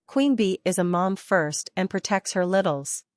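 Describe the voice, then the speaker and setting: A woman reading short commentary in a flat, matter-of-fact way. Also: lowish voice, measured pace, no echo, clean studio sound. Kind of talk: read-out commentary.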